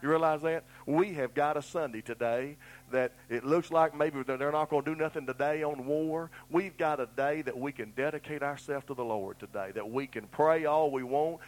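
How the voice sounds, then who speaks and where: A middle-aged pastor with a slightly high voice preaches a sermon at normal speed, folksy and earnest, telling down-home stories. The recording is rough.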